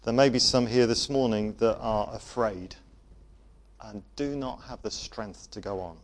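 A man preaching a sermon to a congregation, gentle in manner, often dropping to a soft voice for emphasis. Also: fairly low pitch, measured pace. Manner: gentle, varies loudness for emphasis, drops to soft tones.

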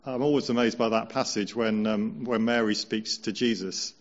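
A man's voice: on the low side, steady tone, lo-fi sound. Man preaching a sermon. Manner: measured, conversational, slows down for emphasis.

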